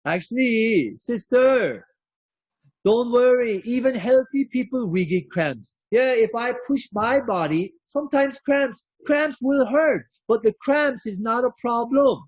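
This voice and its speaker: A man voicing a calm male doctor who reassures his patient in a soothing, insistent way. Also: extremely high pitch, a little slow, slightly rough, voice pushed up, full character voice. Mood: reassuring. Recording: dull lo-fi recording.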